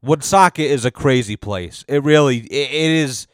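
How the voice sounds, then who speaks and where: A man's voice: medium pitch, normal speed, clear, resonant tone, no room sound, clean studio sound. A man, a podcast host ranting through a casual, profane monologue. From Rhode Island.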